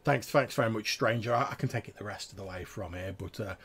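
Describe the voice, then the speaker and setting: A man's voice: on the low side, quick pace, fairly bright tone, slightly rough. A man voicing an older male cart man who is humble and polite, talking in hesitant, stammering bursts. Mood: flustered polite.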